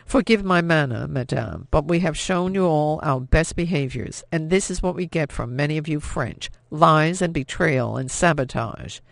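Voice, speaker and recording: An agitated German army captain speaks in clipped, formal phrases, as a man reads him. Anger simmers under his politeness. His voice is gravelly and dry. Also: a little high, lively intonation, moderate pace, hardly any pauses, no room sound. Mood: tense.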